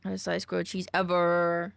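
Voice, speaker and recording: Woman streamer, goofy casual chat, gravelly fry, dry close sound. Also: lowish voice, completely flat delivery, normal speed, no echo. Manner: goofy, exclamatory, swearing, trailing off.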